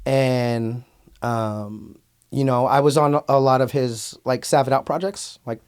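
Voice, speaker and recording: Bay Area man, podcast guest, blunt storyteller who swears a lot and fills pauses with "um". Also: medium pitch, fairly even intonation, darkish tone, smooth. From Antioch, California. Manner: outspoken, blunt, swears freely, many fillers. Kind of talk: casual storytelling interview.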